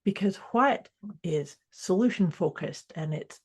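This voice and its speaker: A woman co-hosting a podcast, with a husky voice, explaining ideas in a reflective, thoughtful way. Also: lowish voice, lively intonation, unhurried, darkish tone. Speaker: podcast co-host. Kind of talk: casual chat.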